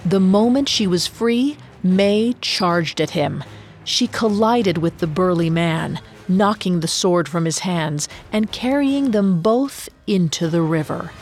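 A woman narrating a story in a slow, dramatic storytelling manner. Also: lowish voice, lively intonation, a little mellow, faint music behind.

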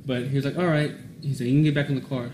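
A man's voice: medium pitch, very fast. A young man casually telling a story, swearing freely, laughing and mimicking the people he quotes. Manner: animated, swears freely, laughs, mimics voices when quoting. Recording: roomy echo with steady background noise.

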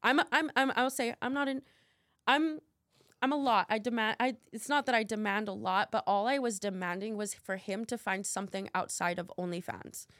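A woman's voice: mid-range voice, fairly even intonation, normal speed, a bit bright, no room sound, studio quality. A young woman talking candidly as a podcast guest, rambling with many fillers and swearing freely. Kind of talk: candid casual interview talk.

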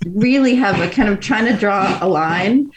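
A woman's voice: mid-range voice, normal speed, roomy sound, muffled recording, over a noisy crowd. A middle-aged woman from Australia, a race director telling stories in a casual interview, chatty and often laughing.

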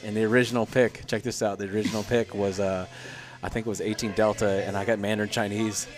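A man in his thirties with a fairly low voice tells his army stories in a relaxed, chatty way, jumping into the voices of the people he quotes. He swears casually and keeps a loose, joking flow. Faint music plays quietly behind him. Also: fast. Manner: animated storyteller who acts out quoted voices, swears freely. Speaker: podcast guest, former Army Ranger and Green Beret. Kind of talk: casual storytelling chat.

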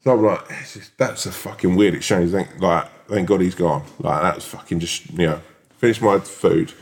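A young man telling an anecdote in casual podcast chat, animated and sweary, acting out the people he quotes. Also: low-pitched, normal speed. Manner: animated storyteller, swears, acts out quoted voices. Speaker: podcast co-host.

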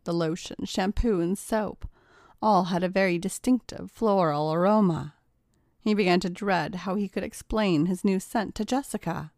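A woman narrating a scripted story at a steady, even pace. Her voice sits in a plain middle register, and the recording is dry and close, with no room echo. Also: mid-range voice, normal speed.

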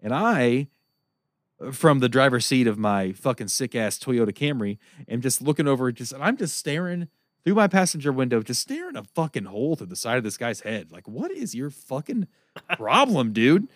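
A man telling a long story as a podcast co-host, profane and animated, laughing often. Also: medium pitch, moderate pace, no room sound, studio quality. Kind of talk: casual storytelling chat.

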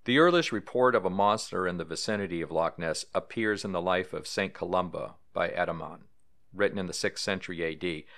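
Deep-voiced man hosting a podcast. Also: brisk, a bit bright. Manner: reads trivia and history aloud with asides. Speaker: podcast host. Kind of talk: casual podcast narration.

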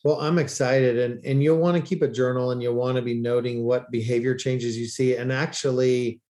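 Man telling animated stories. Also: mid-range voice, normal speed. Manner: animated storyteller, acts out quoted voices. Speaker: guest expert. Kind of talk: casual interview talk.

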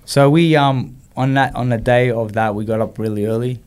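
A man's voice: mid-range voice, fairly even intonation, normal speed, darkish tone, clear, resonant tone. A man, telling a personal story in an interview and acting out the quoted dialogue. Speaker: guest, former boxer.

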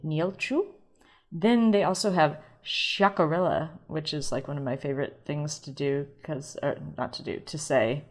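Low-voiced playful woman podcast host. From St. Louis, USA. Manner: playful, chatty, self-mocking, quick asides. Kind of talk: casual solo podcast monologue.

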